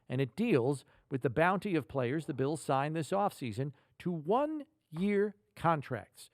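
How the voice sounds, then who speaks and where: A man's voice: fairly high pitch, a little slow, few pauses, no room sound, clean studio sound. A man co-hosting a sports podcast, quizzing his partner and talking roster moves. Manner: lively quizmaster, reads ad copy. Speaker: podcast co-host. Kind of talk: sports podcast quiz and chat.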